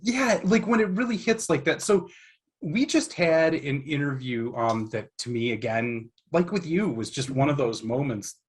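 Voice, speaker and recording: A man's voice: fairly high pitch, lively intonation, normal speed, breathy edge. A man hosting an interview podcast, asking long, enthusiastic, rambling questions. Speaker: podcast host. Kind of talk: casual interview.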